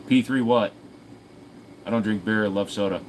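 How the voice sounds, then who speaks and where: A man with a lowish voice speaks at a moderate pace, hosting a casual livestream Q&A where he reads viewer comments aloud and answers them in an offhand, profane way. The audio is poor, with a little hiss or hum.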